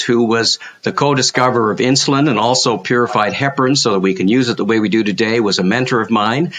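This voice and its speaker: An older man, a surgeon, speaking reflectively as a podcast guest over a call, with many restarts. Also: lowish voice. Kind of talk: podcast interview. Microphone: video call.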